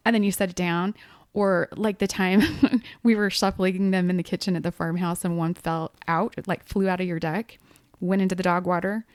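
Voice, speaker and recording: A woman's voice: lowish voice, level tone, moderate pace, dry recording, clean studio sound. A woman co-hosting a casual podcast, explaining tarot cards in a chatty, easy way with bursts of laughter. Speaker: podcast co-host, medium.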